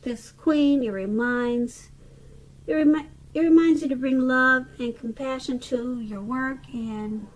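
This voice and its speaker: Woman, slightly high voice, casual tarot reading, chatty, frequent restarts. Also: rough recording. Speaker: tarot reader.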